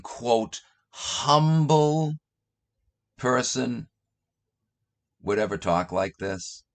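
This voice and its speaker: A man's voice: fairly low pitch, a bit bright. A man who reads out scripture passages and then mocks them with sarcastic, scornful commentary. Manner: reads quotes aloud then jeers, slow drawn-out delivery. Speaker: online commentator. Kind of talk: reading and mocking scripture passages.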